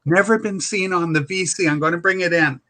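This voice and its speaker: A man's voice: sits high, brisk, bright, forceful tone. A man in his sixties chatting enthusiastically on a video call. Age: 60s. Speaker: guest. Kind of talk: casual video chat.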